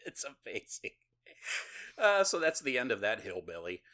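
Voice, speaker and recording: Bright-voiced man recapping a horror movie. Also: mid-range voice, sing-song, moderate pace, slight background noise. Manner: laughing, swearing, retelling scenes with quoted voices. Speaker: podcast host. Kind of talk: casual movie recap chat.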